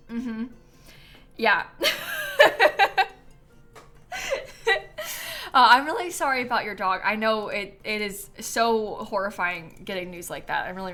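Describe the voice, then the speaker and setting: A woman's voice: mid-range voice, pushed and bright. A young woman streaming a game live, chatting casually with her chat, reading donations and laughing at herself often. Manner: chatty, self-mocking, laughs often, reads donations aloud.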